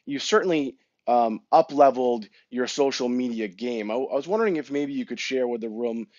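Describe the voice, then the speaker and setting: A man's voice: medium pitch, fairly quick, darkish tone, no echo. A man who says he is sick, asking a guest a question in a friendly, hesitant way with lots of fillers. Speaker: audience member asking a question. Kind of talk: casual chat. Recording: dull, dry audio.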